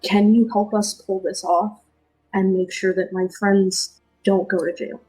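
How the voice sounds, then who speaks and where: A woman voicing a nervous young male half-drow rogue who stammers and speaks quietly, like an apology. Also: mid-range voice, level tone, a little slow, husky, soft background music, poor audio.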